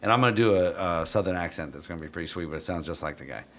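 A middle-aged police dog trainer tells a story in a blunt, foul-mouthed, casual way, slipping into animated quotes of himself. His deep voice races along, with a slight hiss or hum in the background.

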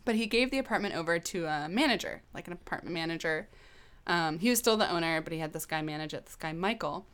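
A woman in her thirties tells a personal story in a relaxed, open way, dropping casual swear words. Her voice is fairly low and sounds smooth and clean. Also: quick pace. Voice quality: candid, animated, swears casually. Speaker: guest.

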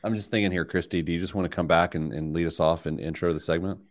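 Middle-aged guy hosting a radio money show, low voice, animated storyteller. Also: quick pace. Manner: animated storyteller, rising loud when excited. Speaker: radio show host, financial planner. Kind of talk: casual studio banter.

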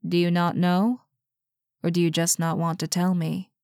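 A woman's voice: fairly low pitch, little pitch movement, normal speed, a little mellow, no echo, clean studio sound, natural voice. A woman voicing a polite interviewer questioning a mysterious subject. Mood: probing.

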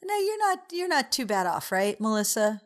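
A tipsy American woman co-hosting a casual podcast, her voice sitting a little high. She chats loosely after a bottle of wine, laughing hard and swearing freely. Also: sing-song, normal speed, heavy background noise. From United States. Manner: loud laughing, swearing, playful. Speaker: podcast co-host.

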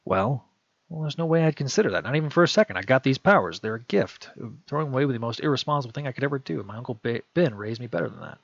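A man's voice: medium pitch, expressive, fast, creaky, dry recording. A man voicing an earnest young superhero. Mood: resolute. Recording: dull lo-fi dry recording.

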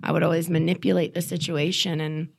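Chatty young woman, low-pitched. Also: level tone, a little fast, vocal fry, breathy edge. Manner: casual, chatty, many fillers like "you know". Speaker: guest, program alumna. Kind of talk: candid podcast interview.

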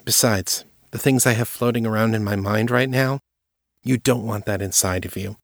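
A man voicing a guarded, troubled young woman telepath who speaks quietly and earnestly in a storybook reading. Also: fairly low pitch, fairly even intonation, moderate pace, no room sound, clean studio sound, close to an everyday voice. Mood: somber.

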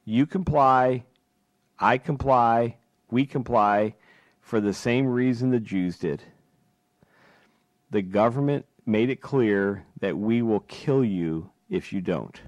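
Speaking slowly at a medium pitch, this talk radio host gives a fervent political monologue loaded with rhetorical questions. The studio microphone picks him up cleanly, without any echo.

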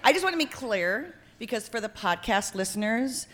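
Woman, host, comedic podcast banter, jokey, animated, playful. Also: a little high, moderate pace, slight background noise.

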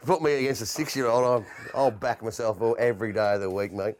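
A man's voice: mid-range voice, fast talker, a little hiss or hum. A man co-hosting a podcast, bantering and joking with his co-host and laughing often. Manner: joking, laughs often, lively sing-song delivery. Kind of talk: casual comedic banter.

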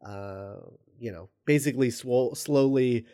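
A man recounts a screenplay in a loose, casual way. He stumbles through ums and restarts at a middling pitch. He sounds amused by the material as he goes. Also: measured pace, dark tone. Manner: rambling, hesitant, full of ums and restarts; amused, chuckles while recounting.

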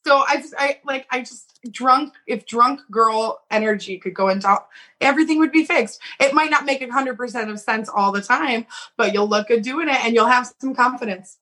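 A young woman co-hosting a podcast, telling a story in a casual, animated way and acting out the quotes with laughs. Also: fairly high pitch, moderate pace, breathy edge. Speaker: podcast co-host.

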